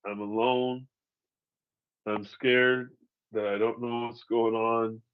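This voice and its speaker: A comedian from Seattle telling a personal story in a candid, profane and animated way. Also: male voice, mid-range voice, slow pace, smooth, narrow, tinny audio. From Seattle, USA.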